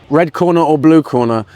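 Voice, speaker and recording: A man from the United Kingdom, chatting casually as an interview guest, easygoing and quick to laugh. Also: medium pitch, darkish tone. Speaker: guest, expat business owner.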